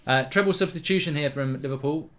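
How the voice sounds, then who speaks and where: A man's voice: fairly high pitch, quick pace, a bit bright. Chatty man commenting on football. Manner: chatty, reads out viewer questions, reacts to play. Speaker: host. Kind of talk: live football watch-along commentary.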